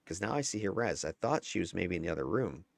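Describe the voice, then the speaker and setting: A man's voice: low-pitched, big pitch swings, quick pace, creaky, no echo. A man giving a casual, candid breakdown of his own gameplay footage, chatty and given to chuckles and mild swearing. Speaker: gameplay commentator.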